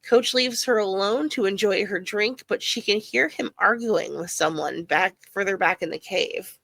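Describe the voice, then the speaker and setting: A woman's voice: medium pitch, normal speed, creaky, a bit bright, dry recording. A woman podcast host reading a scripted episode recap with dry, sarcastic asides.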